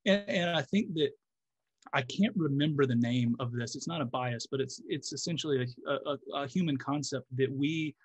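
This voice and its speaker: A man's voice: medium pitch, moderate pace, breathy edge, no echo. A man who is a guest physiotherapist, talking through ideas in a casual podcast conversation, thoughtful and explanatory with frequent restarts.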